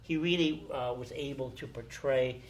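An older man telling casual anecdotes, animated, acting out the people he quotes. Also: medium pitch, moderate pace. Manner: animated storyteller, acts out quotes. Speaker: storyteller guest.

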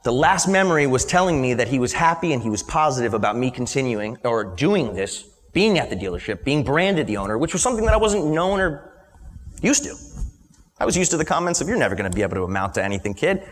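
A man's voice: a little high, very animated, fairly quick. A man in his late twenties, a business owner telling an emotional personal story at a live talk and stuttering at moments. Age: late 20s. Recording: long hall reverb from a live event.

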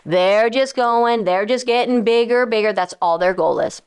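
A woman financial advisor and radio host explaining investments in a casual, animated way, often acting out quoted voices of investors and funds. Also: on the high side, moderate pace, smooth. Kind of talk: casual explanatory talk to listeners.

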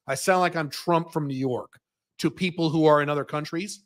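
Blunt, profane American man, high voice. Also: normal speed. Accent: General American. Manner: blunt and profane, with mocking impressions. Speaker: host answering viewer questions. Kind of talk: livestream Q&A monologue. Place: living in Dubai.

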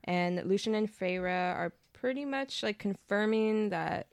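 A young woman co-hosting a podcast bubbles through a casual recap of a book's plot, tossing in slang and laughing often. She speaks at a measured pace with a medium pitch and some vocal fry, and the recording has no echo.

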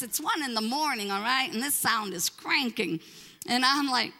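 A woman pastor telling a story from the pulpit in an animated way, acting out the voices of the people she quotes. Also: a little high, normal speed, gravelly, in a large hall. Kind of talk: storytelling sermon.

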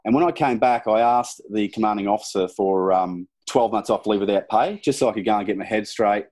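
A middle-aged Australian man with a fairly low voice recounts his past in a loose, conversational way. He rambles a little and keeps slipping in "you know" and "sort of". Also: a little fast, a little mellow. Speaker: guest, former soldier. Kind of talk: casual interview storytelling.

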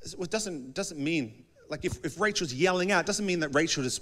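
A man preaching with a slightly higher voice than most men. He talks loosely and conversationally, and he often acts out little back-and-forth dialogues as he goes. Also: lively intonation, normal speed, fairly bright tone. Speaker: pastor. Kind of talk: sermon.

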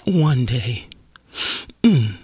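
A woman voicing a weary old-time film character in a low, drawn-out voice. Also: very animated, mellow, slightly rough, no echo, full character voice. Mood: mock solemn. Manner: slow, drawn out, humming "mm" between phrases.

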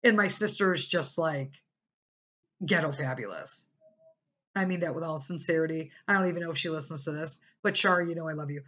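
A middle-aged woman hosting a podcast, telling a personal story casually and animatedly, acting out what other people said. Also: brisk. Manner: animated, acts out quoted people with big pitch jumps. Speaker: podcast host.

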